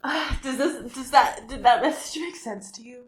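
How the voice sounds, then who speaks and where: A woman hosting a talk show, giving a live psychic medium reading in a halting, rambling way with many restarts. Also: high-pitched. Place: community TV studio. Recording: roomy, echoey room sound.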